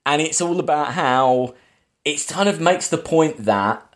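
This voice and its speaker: A man hosting a podcast, casually retelling a film's plot with lots of fillers and quick acted quotes. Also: fairly high pitch, animated. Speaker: podcast host. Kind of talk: casual film discussion.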